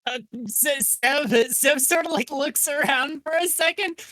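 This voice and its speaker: A woman's voice: high voice, measured pace, sharp tone, no echo. A woman playing in a tabletop game, talking casually and hesitantly, with the odd swear. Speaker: player.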